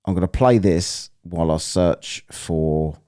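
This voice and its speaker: A man's voice: low-pitched, a little slow, warm tone, no echo, studio quality. A man hosting a live stream, mocking clips and rambling bluntly as he browses. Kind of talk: casual commentary while browsing clips.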